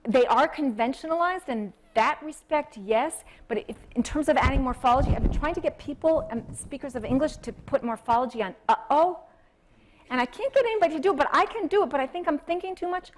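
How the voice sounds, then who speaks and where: Woman lecturer, slightly high voice. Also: a little fast, slight background noise. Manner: thoughtful academic, self-correcting. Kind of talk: public lecture and Q&A.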